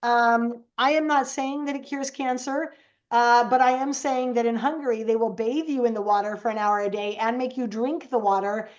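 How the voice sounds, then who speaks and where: A woman speaks as a podcast guest, her voice sitting a little high. She tells stories casually and animatedly, slipping into the voices of the people she quotes. The recording sounds dull and lo-fi. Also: fairly even intonation, normal speed. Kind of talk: casual storytelling.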